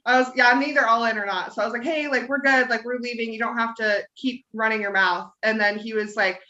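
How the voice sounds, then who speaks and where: A woman comedian telling a story in casual podcast chat, animated in her delivery. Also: fairly high pitch, quick pace. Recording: echoey room, dull lo-fi sound.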